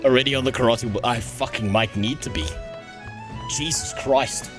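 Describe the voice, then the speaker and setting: A male streamer grumbling his way through a game, swearing freely in a crude, offhand running commentary. His voice sits at an ordinary middle pitch. Faint game music plays behind him. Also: moderate pace. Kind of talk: casual gameplay commentary. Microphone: headset.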